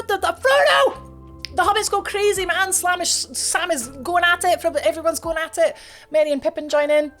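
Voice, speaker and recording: Animated high-voiced woman telling a story. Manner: animated, chatty, slangy asides and self-corrections. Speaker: streamer. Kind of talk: casual dramatic retelling of a story.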